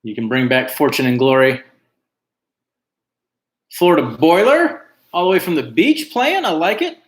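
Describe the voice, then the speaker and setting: A man's voice: a little high, sing-song, moderate pace. A man hosting an online trivia night, chatting casually and reading out team names with lots of fillers. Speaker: trivia host. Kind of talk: casual livestream chat. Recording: echoey room.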